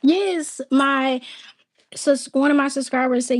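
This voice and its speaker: A woman with a squeaky voice hosting a casual live-stream chat, giggling and reading out what her viewers say. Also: slow pace. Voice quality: high, squeaky voice. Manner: giggly, relays viewers' comments, playful. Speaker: livestream host.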